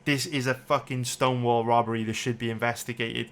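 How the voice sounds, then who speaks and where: A man's voice: medium pitch, little pitch movement, brisk, bright, forceful tone, clean tone. A man angrily breaking down a mixed martial arts fight round by round, swearing and repeating himself as he gets worked up. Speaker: MMA betting analyst. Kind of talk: angry fight breakdown commentary.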